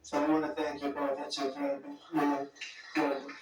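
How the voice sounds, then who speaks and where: A man's voice: on the high side, monotone, fairly quick. Rambling man in an echoey hall. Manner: rambling, digressive, full of superlatives. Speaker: political leader addressing a summit. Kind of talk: off-the-cuff speech. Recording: very echoey hall, distant mic, faint music.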